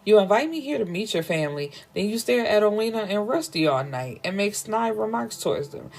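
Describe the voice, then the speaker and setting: A woman's voice: mid-range voice, big pitch swings, a little fast, gravelly, darkish tone, voice pushed up. Woman voicing a jealous, nagging young woman. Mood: accusing. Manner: accusing, questioning.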